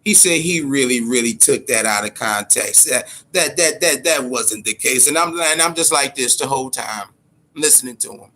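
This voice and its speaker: A man's voice: mid-range voice, animated, normal speed, sharp tone, slight background noise. A man hosting a boxing talk show, ranting in heated, profane casual commentary and repeating words when worked up.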